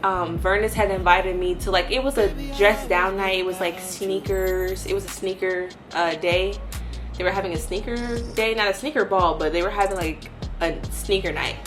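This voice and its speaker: A young woman tells her story in casual, lively talk to her viewers. She acts out what people said as she goes, at a mid pitch for a woman. Music plays clearly behind her voice. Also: normal speed. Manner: animated storytelling, acting out quotes. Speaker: video host. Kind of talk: casual testimony.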